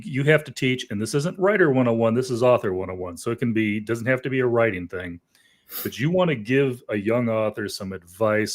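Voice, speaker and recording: A man hosting a casual author interview over a video call, asking friendly, rambling questions. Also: medium pitch. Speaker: host.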